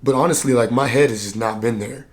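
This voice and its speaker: A man's voice: mid-range voice, fast talker. Drained, earnest man vlogging. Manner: earnest, reflective, plain-spoken with many "like" fillers. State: drained and low on energy. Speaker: personal development coach and vlogger. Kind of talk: candid vlog monologue to camera.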